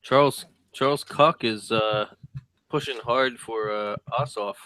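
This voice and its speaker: A man's voice: medium pitch, unhurried, sharp tone, clean tone, dry recording. A man co-hosting a casual talk show, laid-back with brief replies. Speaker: co-host. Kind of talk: casual chat.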